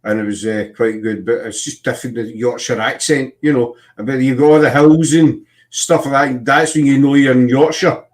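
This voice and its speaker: A man's voice: medium pitch, steady tone, moderate pace, few pauses. A man with a Scottish accent, hosting a casual chat and telling rambling stories full of fillers and restarts. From Scotland. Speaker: podcast host.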